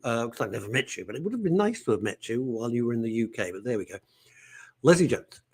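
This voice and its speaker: A man hosting a live show, reading out viewer comments and ranting in casual chat. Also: a little high. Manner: animated and ranting, jumping between topics. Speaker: host.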